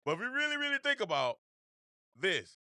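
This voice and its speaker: A man's voice: high voice, sing-song, brisk, bright, forceful tone, no echo, studio quality. A man hosting a show, talking casually and animatedly about the news with slang, repeated phrases and frequent laughter. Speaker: show host. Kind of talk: casual political commentary.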